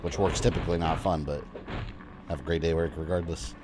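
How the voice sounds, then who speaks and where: Deep-voiced chatty male game streamer. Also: flat delivery, quick pace, noisy background. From Florida, USA. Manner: rambling, chatty, casual swearing. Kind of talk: casual gaming livestream chat.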